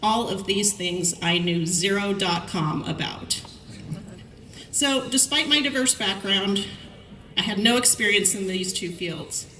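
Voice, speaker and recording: Bright-voiced woman telling stories in an echoey hall. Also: mid-range voice, recorded from a distance. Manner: storytelling, lively anecdotes with quoted dialogue. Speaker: commencement speaker. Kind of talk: commencement speech.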